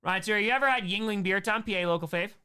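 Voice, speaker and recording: A man's voice: high-pitched, very fast, sharp tone, clean tone. A man hosting a casual livestream Q&A, rambling and joking as he reads out and answers chat. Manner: rambling, jokey, answers chat names aloud. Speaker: streamer host answering chat.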